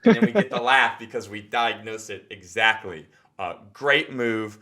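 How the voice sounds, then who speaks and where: A man hosting a show, casually breaking down a comedy set in an animated way, with quick asides and acted-out reactions. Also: on the low side, a crowd in the background. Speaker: show host reviewing standup. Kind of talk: casual analytical chat.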